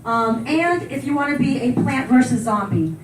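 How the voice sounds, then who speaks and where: A woman in her forties delivers a conference keynote in a hall, telling personal stories in a chatty way, laughing often and acting out the voices she quotes. Her high-pitched, expressive voice moves at a moderate pace, heard from far off in an echoey hall with background noise.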